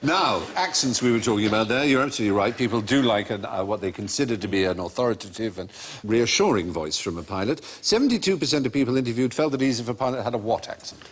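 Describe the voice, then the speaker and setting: Lively-voiced quiz show host. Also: male voice, medium pitch, fast, hardly any pauses, slight background noise. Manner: lively, asks questions, tells anecdotes. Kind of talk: panel show banter.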